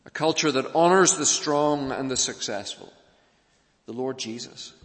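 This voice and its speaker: A man preaching a sermon in a church, earnest, pressing hard on key points and then falling soft and low. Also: measured pace. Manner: earnest, rising to urgent emphasis then dropping soft. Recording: long reverb of a church hall.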